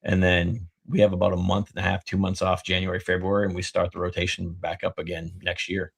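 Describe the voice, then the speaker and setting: A man's voice: low voice, flat delivery, brisk, vocal fry, breathy edge. A man co-hosting a podcast, talking in a laid-back, rambling way about his schedule. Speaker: podcast co-host. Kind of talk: casual podcast conversation.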